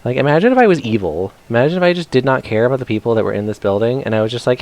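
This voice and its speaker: A man's voice: mid-range voice, expressive, fast, few pauses, a little mellow, dry recording. A man casually commenting as he plays a video game, chatty and self-mocking, often talking to the characters on screen. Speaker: streamer. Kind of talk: casual let's-play commentary.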